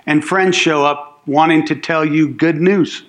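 A man's voice: high-pitched, normal speed, few pauses, a bit bright. A man preaching a sermon as a pastor, telling the story casually with slang and acting out what people say. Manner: acts out quoted speech in the story.

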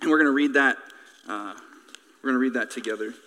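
A male pastor preaching a sermon in an animated, joking, conversational way. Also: mid-range voice, quick pace, in a large hall.

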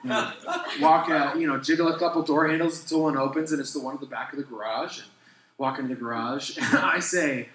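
A man's voice: a little high, steady tone, fairly quick, echoey room, a crowd in the background, rough recording. A young adult man, a pastor, telling a funny story in a sermon, acting out quotes and laughing as he goes.

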